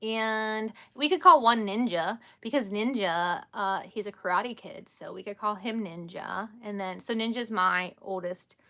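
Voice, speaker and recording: A woman in her thirties speaks in a bright, forward voice. She chats loosely with her viewers on a late-night livestream from home, laughing easily and answering their questions as they come. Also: mid-range voice, measured pace, few pauses. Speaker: livestream host. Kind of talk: casual live chat with viewers.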